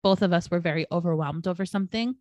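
Low-voiced woman swearing through a casual podcast story. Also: fast talker, darkish tone, dry recording. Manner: swears freely, storytelling with lots of fillers. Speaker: podcast co-host.

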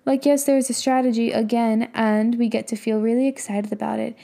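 Warm-voiced woman giving a pep talk. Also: fairly high pitch, level tone, a little fast, gravelly. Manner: emphatic and casual, swears, rhetorical questions. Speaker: business and mindset coach. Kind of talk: motivational talk.

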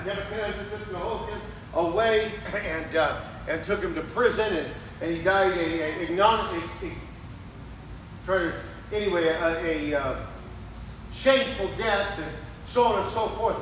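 Man preaching a sermon, high bright voice, animated, acts out prayers loudly, echoey church room, distant mic. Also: a little hiss or hum. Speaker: pastor. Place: church sanctuary.

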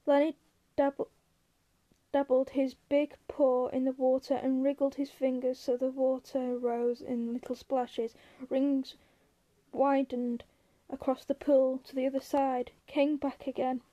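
High-voiced woman reading a novel aloud. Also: a little slow, dull audio. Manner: steady, even reading with small slips. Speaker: narrator. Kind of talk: audiobook reading.

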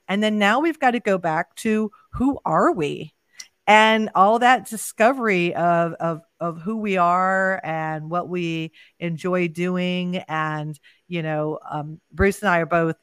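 A woman's voice: mid-range voice, clean tone, no room sound. A middle-aged woman hosting a podcast, chatting casually and rambling with many restarts. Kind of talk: casual chat.

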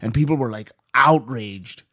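A man's voice: medium pitch, unhurried, bright, forceful tone, husky. A man from Canada hosting a podcast, joking loosely and swearing in casual banter. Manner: loose, jokey, swears freely. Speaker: podcast host.

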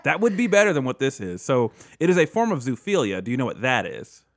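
Animated jokey man hosting a podcast. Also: mid-range voice, fairly quick, no room sound, studio quality. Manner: animated, jokey, laughs often, mimics voices. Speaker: podcast host. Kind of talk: casual podcast chat.

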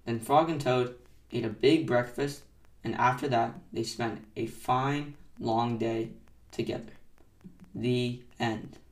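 Soft-spoken man reading a bedtime story. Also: medium pitch, steady tone, slow. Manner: gentle, soft-spoken narration. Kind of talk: storybook read-aloud. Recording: echoey room, mic set far off.

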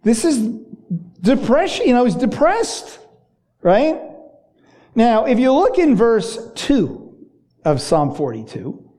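This preacher talks through the text as if chatting with the congregation, stopping to correct themselves and circling back with "you know" and "right?". The pitch sits in the middle, and it rises and presses harder whenever they take on the psalmist's cries. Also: big pitch swings, slow pace, long pauses, mellow. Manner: conversational, with many fillers and restarts. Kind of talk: sermon.

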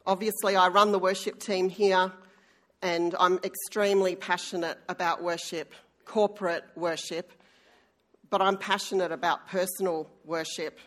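A middle-aged woman delivers a sermon as a church elder. Her voice sits a little low, and she talks in a chatty, self-deprecating way with plenty of ums. She is recovering from an illness. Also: fairly bright tone. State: recovering from illness, may cough. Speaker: church elder and worship leader.

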